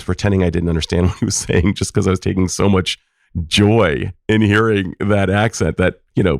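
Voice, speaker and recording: A middle-aged man hosting a podcast, telling family stories in a lively way and laughing now and then. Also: low-pitched, a little fast, gravelly, no room sound, clean studio sound. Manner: warm, laughing storytelling. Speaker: podcast host, psychologist. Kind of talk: personal storytelling.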